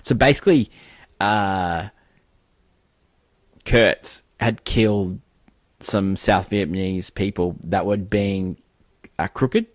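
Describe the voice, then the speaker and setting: Low-voiced man recapping a film casually. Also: slow, pauses often, dry recording. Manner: rambling, hesitant, full of fillers. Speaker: film review podcast co-host.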